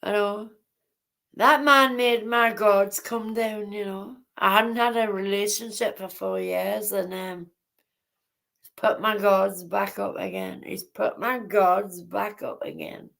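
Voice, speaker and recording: A woman hosting a casual livestream chat, speaking haltingly and repeating herself. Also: medium pitch, gravelly, a bit bright. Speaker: livestream host.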